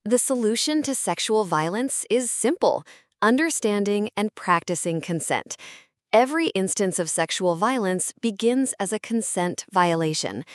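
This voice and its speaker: A woman's voice: medium pitch, dry recording. Woman narrating a lesson, dry close sound. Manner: measured, steady reading of lists. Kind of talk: scripted educational narration.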